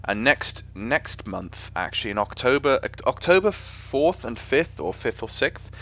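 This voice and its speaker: A very animated English man chats on a live stream while flying a sim, rambling and frequently correcting himself. His mid-range voice is a little slow, with a fairly bright tone.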